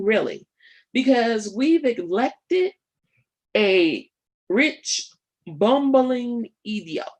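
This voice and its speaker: Gravelly, husky woman radio host. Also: on the low side. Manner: emphatic, rhetorical, addresses listeners directly; thinks aloud with fillers and pauses. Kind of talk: live political commentary.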